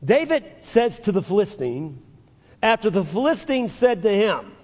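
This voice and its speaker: A man preaching a sermon as pastor, emphatic, building to loud declarations and leading listeners to repeat after him. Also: high-pitched, big pitch swings, normal speed, husky. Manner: leads listeners in call-and-repeat confessions. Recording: long reverb of a large hall.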